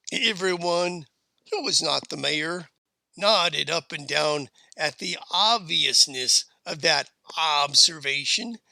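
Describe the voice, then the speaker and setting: A man narrating a western tale in an unhurried, folksy storytelling manner. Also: a little high, sing-song, gravelly, sharp tone, no echo. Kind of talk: storybook reading.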